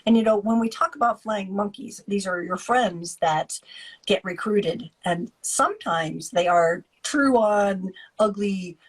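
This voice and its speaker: A woman speaking as a guest expert in a podcast interview, explaining in an animated way and acting out the voices of other people. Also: mid-range voice, measured pace, breathy edge, rough recording. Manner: animated, acts out quoted voices. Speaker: guest expert on narcissistic abuse, author.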